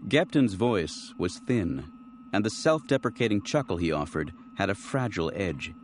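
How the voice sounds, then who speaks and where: A man narrating an audiobook in an expressive, dramatic reading style. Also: fairly low pitch, normal speed, slight background noise. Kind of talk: scripted narration.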